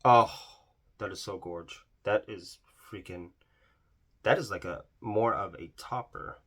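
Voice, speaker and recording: A man's voice: on the low side, takes it slowly, a bit bright. A man casually swatching eyeshadows in a vlog, gushing over the colors, exclaiming often and trailing off mid-sentence. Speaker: beauty vlogger.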